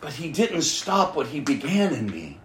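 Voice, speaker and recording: Man preaching with lively pitch. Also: moderate pace, echoey room. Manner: emotional personal storytelling; often drops to a hushed near-whisper. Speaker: pastor. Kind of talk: sermon.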